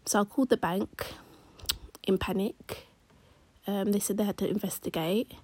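A woman tells a personal story to camera, casual and slangy. Her voice is breathy and sits at a middling pitch. She talks close to a dry mic and often drops into hushed asides. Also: fairly even intonation, normal speed, dry recording. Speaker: vlogger.

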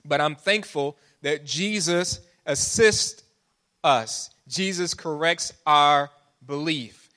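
Slow, a little high, and pushed and bright, this man's voice carries a pastor's sermon. He pulls listeners in with questions, his preaching climbing to pleading intensity, and he tosses in call-and-response asides.

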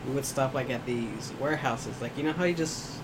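A young man in casual chat, telling a story about a past job in a relaxed, easygoing way. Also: mid-range voice, brisk. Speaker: friend telling stories. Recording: noisy room background.

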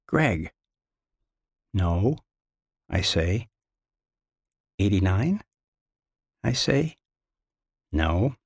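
A man reading his own literary story aloud in a measured, halting first-person delivery, recorded close in a studio. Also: on the low side, husky, no echo.

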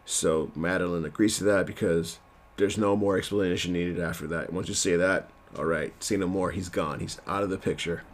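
A man's voice: sits low, fairly even intonation, moderate pace. A man casually recapping a TV episode at home, rambling and self-deprecating, with lots of fillers.

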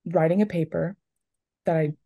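Low-voiced chatty young woman. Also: fairly even intonation, normal speed, vocal fry, mellow, no room sound, clean studio sound. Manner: chatty storytelling, many "like"s. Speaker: podcast co-host. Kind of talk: casual chat.

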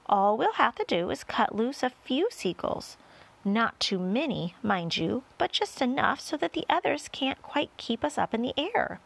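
Woman doing an excited young boy, high and eager. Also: measured pace, creaky, exaggerated voice. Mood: confident.

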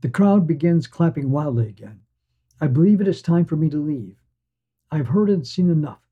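A man narrating a first-person story for a podcast in a measured, wistful way. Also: fairly high pitch, animated, dark tone, husky. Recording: dull lo-fi sound.

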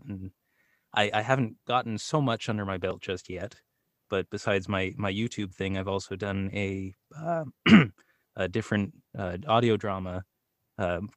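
A soft-spoken man, a voice actor, talking about his work as a podcast guest. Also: fairly low pitch, no room sound, clean studio sound. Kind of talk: casual interview chat.

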